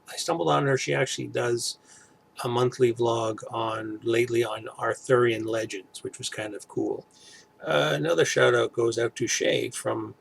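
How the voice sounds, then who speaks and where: A middle-aged man chats to camera at an average pitch. His voice has a gravelly edge. He rambles and restarts often, filling pauses with hesitant fillers. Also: a little hiss or hum. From Toronto area, Canada. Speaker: vlogger. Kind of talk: casual chat to camera.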